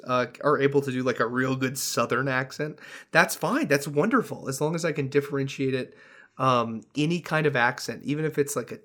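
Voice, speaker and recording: A man, a dungeon master, talking casually on a podcast over a video call, animated, with many restarts and frequent laughs. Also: mid-range voice.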